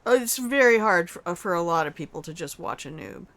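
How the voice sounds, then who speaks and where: Joking at her own expense, an older woman livestreams a game with playful, chatty commentary aimed at both her viewers and the character on screen. Her voice is lowish, fairly bright and lively, moving a little fast in self-mocking trash talk.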